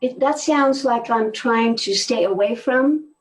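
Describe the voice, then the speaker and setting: An older woman telling stories in a relaxed conversation, animated and laughing often, often trailing off mid-sentence. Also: a little high, a little slow, far from the mic, low-quality recording. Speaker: guest, movement teacher. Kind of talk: conversational storytelling.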